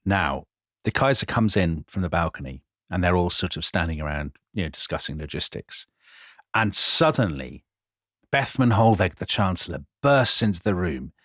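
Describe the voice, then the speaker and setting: A man, a podcast co-host, vividly retelling history in animated chat. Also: sits low, moderate pace, dry recording, clean studio sound. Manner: vivid, dramatic retelling with quoted voices.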